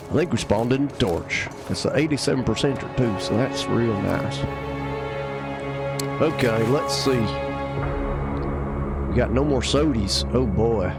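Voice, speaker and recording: A man's voice: medium pitch, animated, slow pace, long pauses, over loud music. Wry man streaming a survival game. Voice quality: wry, joking. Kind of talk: casual gameplay commentary.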